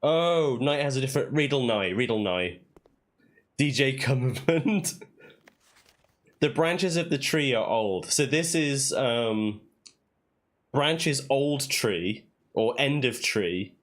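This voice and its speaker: A man's voice: medium pitch, lively intonation, takes it slowly. A man streaming a puzzle game, thinking aloud and sounding out made-up words in a casual way. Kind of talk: casual let's-play commentary.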